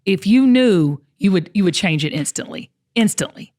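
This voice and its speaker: A woman's voice: mid-range voice, lively intonation, moderate pace, darkish tone. A woman hosting a podcast, talking in an earnest, encouraging way and repeating words as she gets going. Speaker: podcast host. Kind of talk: casual podcast chat.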